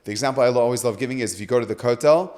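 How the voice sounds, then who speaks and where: Brief: man, mid-pitched, a rabbi telling stories on a podcast, animated, slips into quoted voices. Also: rapid-fire. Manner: lively storyteller, acts out quoted voices. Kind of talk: animated storytelling in conversation.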